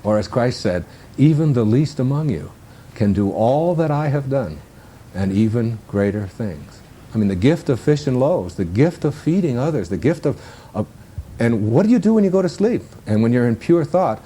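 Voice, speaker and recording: Man, Detroit accent, mellow tone, average pitch, reflective interview talk. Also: sing-song, normal speed, slight background noise. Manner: musing, laughs at own jokes. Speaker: self-help speaker.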